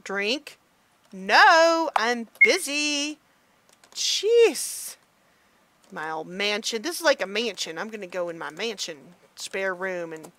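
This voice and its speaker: Excitable gamer mom, high bouncy voice, bright and close with a dry sound. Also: female voice, dry recording. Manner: excitable, chatty, gasps and squeals. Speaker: gamer mom playing a game. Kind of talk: let's play commentary.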